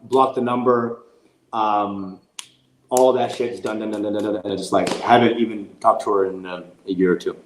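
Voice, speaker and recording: A man's voice: fairly low pitch, moderate pace, reverberant, a little hiss or hum, rough recording. A man, a comedian, casually telling a rambling, profane story in a podcast conversation. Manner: rambling, profane, animated retelling. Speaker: guest comedian.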